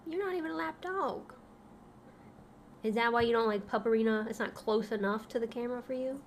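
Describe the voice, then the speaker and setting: A woman's voice: fairly high pitch, brisk, slight background noise. A young woman streamer chatting casually and cooing baby talk at her dogs. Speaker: livestreamer. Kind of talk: casual livestream chat.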